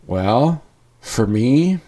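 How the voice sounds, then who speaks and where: A man's voice: mid-range voice, big pitch swings, drawn-out words, mellow. A man speaking candidly in a personal monologue, earnest and rambling, often restarting his sentences.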